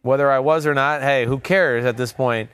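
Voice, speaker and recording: A man's voice: mid-range voice, moderate pace, fairly bright tone, smooth, no echo. Man telling stories in a dry studio. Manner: storytelling, acts out quotes from others. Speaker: former NFL quarterback, guest. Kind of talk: casual interview talk.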